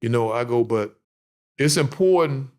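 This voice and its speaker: A man's voice: mid-range voice, unhurried, clean tone. A man in his fifties, a basketball coach, telling stories earnestly in a candid interview. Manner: earnest, animated storytelling with casual speech.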